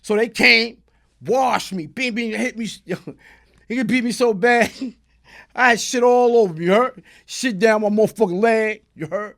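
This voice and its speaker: A man's voice: sits high, normal speed, vocal fry. A man with a New York accent, a guest in an interview, telling a long story with lots of energy, acting out the other people in it and asking "you heard?" again and again. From Brooklyn, New York. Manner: animated street storytelling, acts out voices, frequent "you heard?".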